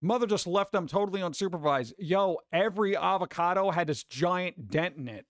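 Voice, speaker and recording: Male stream host, high voice, dry close sound, chatty and rambling. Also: normal speed, a bit bright, dry recording. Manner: rambling, acts out other people's voices. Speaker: livestream host. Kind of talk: casual stream chat.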